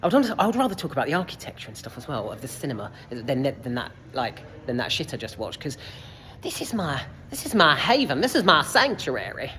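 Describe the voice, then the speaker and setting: A man's voice: medium pitch, big pitch swings, quick pace, bright, forceful tone. A young man ranting casually about a film and the heat, sweary, exasperated and rambling, filmed in a cinema foyer. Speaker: film reviewer. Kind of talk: casual vlog rant. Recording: reverberant foyer, faint background noise.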